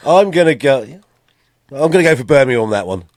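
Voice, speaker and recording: A man's voice: mid-range voice, big pitch swings, quick pace, heavy background noise. A man co-hosting a podcast, easygoing and laughing as he guesses aloud. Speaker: podcast co-host. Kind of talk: casual podcast chat.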